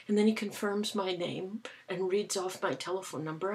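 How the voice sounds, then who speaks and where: A woman, casually telling stories to her camera in a dry, amused way, with soft breathy asides. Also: mid-range voice, steady tone, moderate pace. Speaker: vlogger. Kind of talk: casual chatty storytelling to camera.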